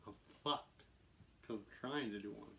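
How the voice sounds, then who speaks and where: A relaxed male host talking through an airsoft gun in a casual, half-scripted way. He swears freely and cracks up at his own slip-ups, with a mid-pitched voice. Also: normal speed, creaky, a little hiss or hum. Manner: laid-back, swears a lot, laughs at his own flubs. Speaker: channel host reviewing airsoft guns. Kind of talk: casual scripted video talk with outtakes.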